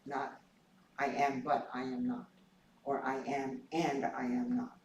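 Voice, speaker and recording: Hoarse man, slow halting reflection, distant in a reverberant temple hall. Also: mid-range voice, completely flat delivery, slight background noise. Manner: halting, many pauses and fillers. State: hoarse, clearing his throat. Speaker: temple board member sharing a reflection. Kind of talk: informal dharma reflection. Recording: echoey hall, mic far off.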